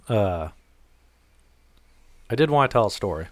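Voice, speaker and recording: A man's voice: medium pitch, no room sound. A man in casual conversation, telling a long story in a rambling, self-correcting way and swearing freely.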